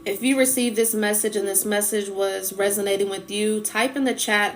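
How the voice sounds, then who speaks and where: A woman's voice: mid-range voice, steady tone, normal speed, few pauses, a little hiss or hum. A woman speaking in on a casual livestream, preaching about emotions in an impassioned way and repeating her phrases. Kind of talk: casual live-stream talk.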